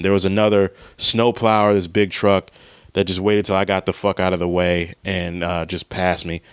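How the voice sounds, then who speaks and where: A man with a very low, smooth, resonant voice tells a rambling story, cursing freely as he goes. The sound is close and dry, with no room around it. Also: no echo. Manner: profane, rambling, animated retelling. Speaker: comedian. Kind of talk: casual storytelling monologue.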